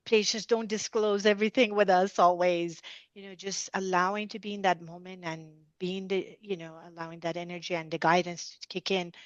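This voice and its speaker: A middle-aged woman, a dentist guest on an interview podcast, telling her stories in an animated way, with many asides. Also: lowish voice, normal speed, no echo. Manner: animated storyteller, many "you know" asides. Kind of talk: conversational storytelling interview. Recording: dull lo-fi dry sound.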